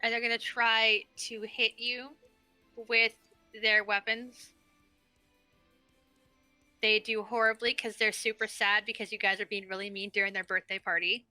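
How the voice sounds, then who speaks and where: A woman's voice: medium pitch, level tone, unhurried, pauses often, bright, forceful tone, dry recording, faint music behind. A young woman narrating a tabletop game as the game master, playful and laughing easily.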